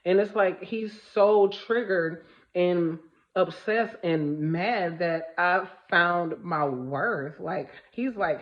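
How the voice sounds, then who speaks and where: In a slow, lowish voice over lo-fi audio, a female spiritual vlogger delivers a casual monologue. She's blunt and emphatic, repeating phrases for stress and swearing freely.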